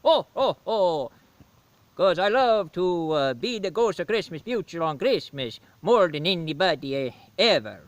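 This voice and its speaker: A hearty, rambling Santa Claus, as a man puts him on with a mock Swedish accent and a big ho-ho laugh. His voice swings high and lively and stays bright. It sounds dry and close, like a homemade comedy sketch. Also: measured pace, pauses often, no echo, dull audio. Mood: jolly. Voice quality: booming ho-ho laugh.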